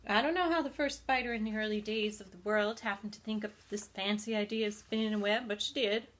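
A woman reading aloud, voicing a calm, clever female spider in a thin, pleasant voice and a matter-of-fact manner. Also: medium pitch, brisk, natural voice. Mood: explaining.

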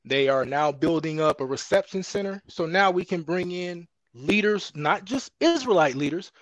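Male panel guest, measured explaining, fairly high voice, dry sound. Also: no room sound. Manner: calm explaining, repeats "right?". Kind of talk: debate on a panel.

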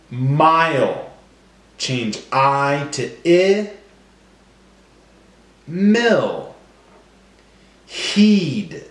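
Slow, deliberate male teacher. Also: a little high, reverberant. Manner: slow, deliberate, stretching out sounds and syllables. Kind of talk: phonemic awareness lesson for children.

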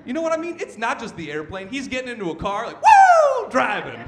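A young man performing a stand-up comedy set on a club stage, telling stories with animated shouted bits. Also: extremely high pitch, fast talker, heavy background noise. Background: audience laughter.

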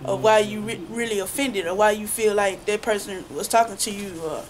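A married woman in a church class telling about her own experiences, animated and laughing between phrases. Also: medium pitch, brisk, a little hiss or hum. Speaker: class member. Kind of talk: sharing in a church class discussion.

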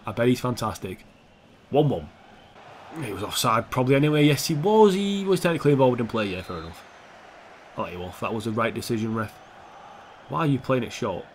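A man's voice: medium pitch, a little fast. Young guy narrating his football game, swears loads, gets hyped, bit of faint noise behind. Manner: swears a lot, excitable, sarcastic jokes. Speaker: gaming commentator. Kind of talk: casual gameplay commentary.

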